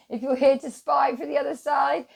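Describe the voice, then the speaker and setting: A woman's voice: high-pitched, steady tone, normal speed, gravelly. Woman, channel host, rambling monologue, casual swearing, wandering talk.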